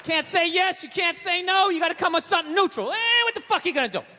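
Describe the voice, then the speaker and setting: A man doing a stand-up routine on stage, ranting loudly with lots of animation. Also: very high voice, lively intonation, quick pace, noisy background. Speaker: stand-up comedian. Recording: long reverb of a live venue.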